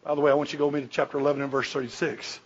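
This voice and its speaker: A man's voice: on the high side, little pitch movement, racing, husky. A man preaching a sermon in a folksy, humorous, emphatic way. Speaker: pastor. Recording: dull lo-fi recording.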